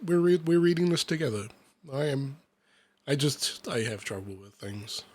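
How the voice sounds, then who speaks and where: A man's voice: medium pitch, expressive, moderate pace, darkish tone. A man in his thirties reading a picture book aloud, breaking off into rambling, sweary, self-deprecating asides. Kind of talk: casual reading aloud with commentary.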